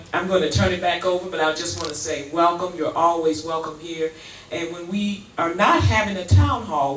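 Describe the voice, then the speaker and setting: A woman who leads a foundation, giving informal and heartfelt welcoming remarks at a town hall. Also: fairly low pitch. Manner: heartfelt, informal, a little breathless. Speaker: foundation president welcoming the audience. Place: community meeting hall. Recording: roomy hall, far from mic, faint noise.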